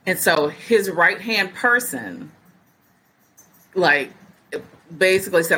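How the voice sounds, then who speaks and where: Woman telling a story, low and bright. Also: slow pace, long pauses, slightly rough, poor audio. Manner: lively storyteller who acts out other people's words. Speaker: podcast guest. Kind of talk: casual storytelling.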